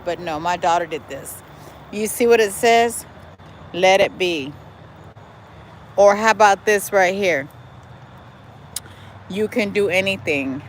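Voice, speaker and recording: A woman's voice: fairly low pitch, a little hiss or hum, rough recording. A middle-aged woman chatting casually to livestream viewers while walking through her backyard garden, sassy and talkative, calling them y'all and girl. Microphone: phone held while walking.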